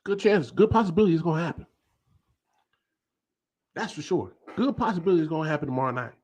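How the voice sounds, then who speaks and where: A man hosting a casual late-night sports talk show, animated and filling his talk with hesitations. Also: fairly high pitch, fast talker. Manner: animated, hesitant with many fillers.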